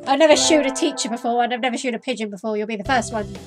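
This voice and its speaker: A woman hosting a casual let's play, reacting with loud, giddy outbursts and sarcastic asides as she plays a dating game. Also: a little high, rapid-fire, few pauses. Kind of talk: casual gameplay commentary. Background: faint game music.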